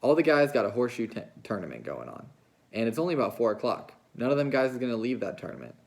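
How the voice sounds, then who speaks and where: A man reading a novel aloud, putting on the voice of a lonely, restless young ranch wife who talks in a coaxing, hurried way. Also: medium pitch, big pitch swings, creaky, darkish tone. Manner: coaxing, fast, pleading.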